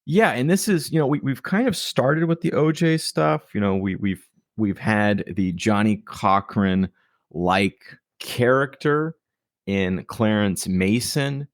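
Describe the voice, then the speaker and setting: A man's voice: on the low side, takes it slowly, dry recording, clean studio sound. A man co-hosting a podcast in casual chat, wryly recapping matches. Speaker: podcast co-host.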